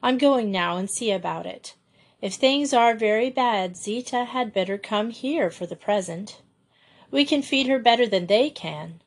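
A gentle young woman speaks soothingly to her younger sister, voiced by a woman reading aloud. Her unhurried words are kind and calm, a figure from a storybook. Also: fairly high pitch.

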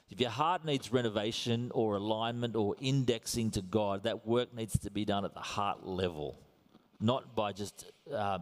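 Australian man preaching a conversational sermon. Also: lowish voice. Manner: conversational, anecdotal with self-deprecating humor.

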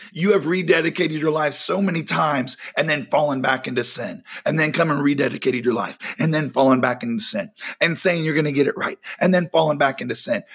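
A man's voice: fairly high pitch, vocal fry, fairly bright tone, husky. A man preaching a sermon in an earnest, emphatic way, repeating key phrases and now and then poking fun at himself.

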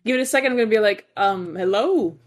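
A woman's voice: fairly high pitch, racing. A young woman playing in a tabletop game, chatty and polite. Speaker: player.

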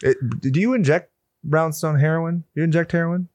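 A man's voice: on the high side, fairly even intonation, moderate pace, a little mellow, dry recording. Man joking in casual podcast banter. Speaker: podcast co-host. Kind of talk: casual chat reviewing a film.

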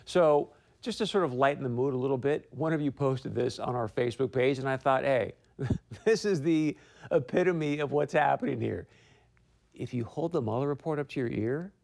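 A man hosting a political talk show from a broadcast studio, speaking on a studio mic in an emphatic, opinionated way, his pitch climbing when he presses a point. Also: creaky.

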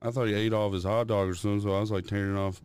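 Low, smooth-voiced man telling rambling stories. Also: flat delivery, rapid-fire, a little mellow. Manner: rambling, swears a lot, acts out his toddler's noises. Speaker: podcast co-host. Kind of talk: casual profane storytelling.

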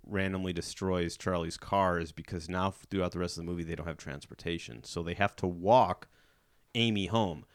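A podcast host retells a movie plot with animation in a casual chat, slipping into character voices as he tells the story. His low voice is fairly quick, recorded with clean studio sound and no room echo.

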